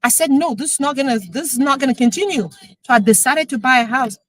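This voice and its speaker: A woman, a real estate coach chatting emotionally on a live stream, excited as she talks. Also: high voice, quick pace, no echo, low-quality recording. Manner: excited, emotional, switching into French.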